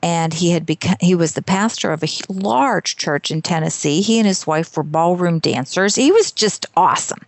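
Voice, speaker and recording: A woman's voice: lowish voice, moderate pace, few pauses, dry recording. A woman in her fifties, a guest author telling her story in a casual interview with a candid, self-deprecating manner.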